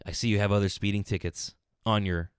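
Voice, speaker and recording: A man quoting a stern, condescending female traffic judge in a flat, lecturing tone. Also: on the low side, a little fast, clear, resonant tone, dry recording, clean studio sound, voice pushed down, close to an everyday voice. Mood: patronizing.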